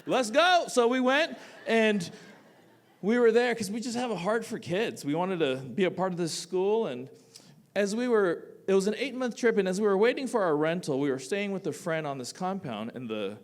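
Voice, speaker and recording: A man, a teacher, telling a personal story live on a theatre stage, animated and casual, swinging between loud bursts and quiet asides. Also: high voice, normal speed. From United States. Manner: casual, with frequent "like" fillers.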